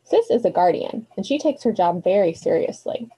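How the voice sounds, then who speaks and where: A woman voicing an older female magic mentor who is brisk, stern and caring. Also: mid-range voice, expressive, mellow, husky, poor audio. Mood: reassuring. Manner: brisk, commanding.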